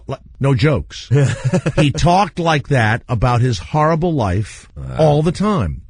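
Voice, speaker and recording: Animated, husky middle-aged male radio host. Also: on the high side, slow pace, no echo. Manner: animated storyteller, laughs often. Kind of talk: casual radio chat.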